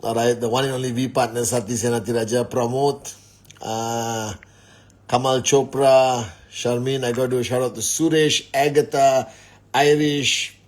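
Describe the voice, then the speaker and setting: A man's voice: medium pitch, flat delivery, moderate pace. A middle-aged man hosting a casual livestream from home at night, greeting viewers by name in many languages. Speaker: live stream host.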